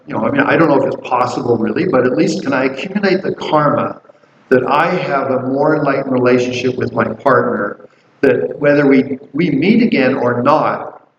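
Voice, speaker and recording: Rambling male Buddhist teacher in echoey room. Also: medium pitch. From Canada. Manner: rambling, storytelling, many restarts and fillers. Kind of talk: casual dharma class teaching. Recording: roomy, dull, faint noise.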